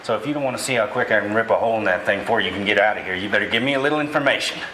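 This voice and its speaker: A man playing an angry, defiant man held in quarantine, talking gruffly and sarcastically in a film drama. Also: fairly low pitch, rapid-fire, bright, forceful tone, roomy sound, a little hiss or hum, low-quality recording. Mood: sarcastic. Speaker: quarantined man confronting officials.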